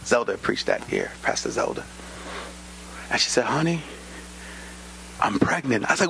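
Pastor in his thirties, gravelly and lively, animated sermon storytelling, faint hum behind. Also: moderate pace, pauses often, low-quality recording. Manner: animated storytelling, acting out quoted voices with sudden high pitch jumps and whispers. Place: church.

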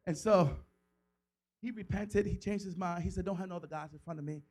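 A man pastor preaching a sermon, acting out voices of God and Moses, building from quiet teaching to shouted passion. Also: sits high, a little fast, rough recording. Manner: preaching with dramatic voiced quotes, rising to shouts.

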